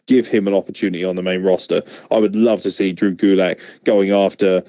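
A man's voice: sits low, flat delivery, fairly quick, mellow, no room sound. A man co-hosting a casual review podcast, ranting sarcastically and swearing freely. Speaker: podcast co-host. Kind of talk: casual wrestling review chat.

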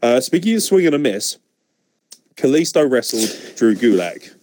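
A man's voice: medium pitch, very animated, moderate pace, darkish tone, no room sound. A man co-hosting a casual review podcast, ranting sarcastically and swearing freely. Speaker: podcast co-host. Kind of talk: casual wrestling review chat.

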